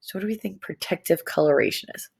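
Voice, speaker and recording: A young adult woman teaching a lesson to young students, playful and animated, stretching words out. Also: on the low side, fast talker, creaky, slightly rough.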